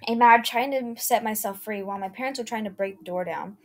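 Woman narrator, slightly high voice, reads a horror story with stumbles and restarts. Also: fairly quick. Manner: reads unevenly, with slips and self-corrections. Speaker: channel host reading creepy stories.

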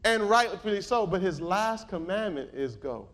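A man's voice: high-pitched, animated, moderate pace, fairly bright tone. A male pastor preaching a sermon, reading scripture aloud and calling out questions to his congregation. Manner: reads scripture aloud in King James wording.

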